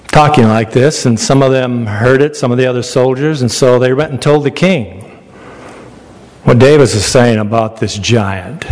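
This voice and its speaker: A man's voice: medium pitch, a little mellow, long reverb tail, poor audio. A man preaching a sermon, retelling a Bible story in a folksy, conversational way and asking his listeners questions.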